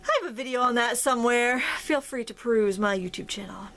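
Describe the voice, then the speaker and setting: Chatty craft-tutorial host, woman with a Maine accent, slightly high, gravelly voice, faint noise behind. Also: brisk, fairly bright tone. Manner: chatty, self-deprecating, thinks aloud while working.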